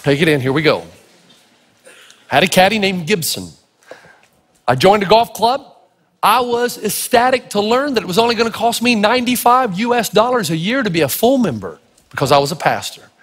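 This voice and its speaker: A man from Tennessee preaching a sermon, telling folksy, humorous stories in an animated way. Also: sits high, breathy edge. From Tennessee, United States. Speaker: pastor. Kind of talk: sermon with storytelling. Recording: echoey hall.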